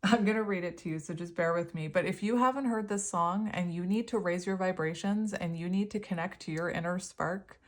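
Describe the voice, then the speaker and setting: A woman's voice: lowish voice, fairly quick, hardly any pauses. A woman giving a casual tarot reading to her viewers, chatty and openly emotional, laughing often between her phrases. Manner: openly emotional, voice close to tears at times. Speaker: tarot reader.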